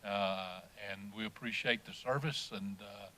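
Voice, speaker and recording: A man on a county council giving a quiet, plain, hesitant tribute. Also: on the low side, unhurried, a little hiss or hum, low-quality recording. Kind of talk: brief tribute at a council meeting.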